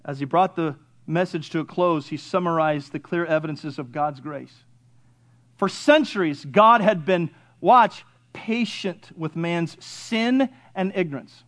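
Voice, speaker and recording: Brief: man in his 50s, high-pitched pastor, fervent sermon delivery, soft to loud swings. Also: unhurried.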